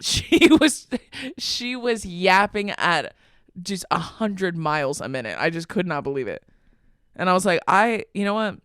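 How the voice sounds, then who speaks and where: Animated young woman telling stories. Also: lowish voice, measured pace, clean tone, no echo, clean studio sound. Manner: animated storyteller, laughs often, swears. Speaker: podcast co-host. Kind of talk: casual chat.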